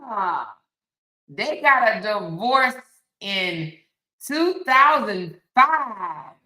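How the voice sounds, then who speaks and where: A woman talking casually to her viewers as a host, speaking in with animated, dramatic exclamations. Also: mid-range voice, drawn-out words, echoey room, poor audio. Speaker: commentary livestream host.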